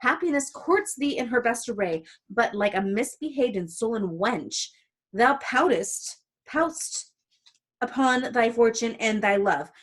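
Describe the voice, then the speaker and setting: A woman's voice: fairly high pitch, expressive, measured pace, fairly bright tone. A woman reading aloud as a stern, lecturing older male friar in a casual play reading, with an emphatic, scolding delivery.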